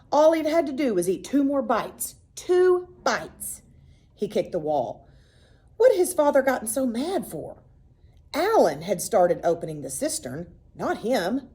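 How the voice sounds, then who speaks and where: Expressive woman reading a children's book. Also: medium pitch, measured pace. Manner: expressive storytelling, voices for the children. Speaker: reader. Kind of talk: reading a children's novel aloud.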